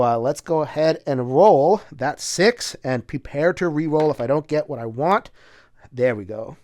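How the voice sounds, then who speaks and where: A man's voice: on the high side, a little mellow, no room sound, clean studio sound. A man casually talking through a solo board game, chatty and full of filler words, bursting into laughter now and then. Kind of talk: casual solo playthrough commentary.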